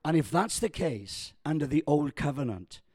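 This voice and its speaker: A man in his sixties preaching a sermon, telling a funny family story with stumbles, restarts and excited, loud punchlines. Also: on the high side, normal speed, slightly rough, no echo, clean studio sound. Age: 60s.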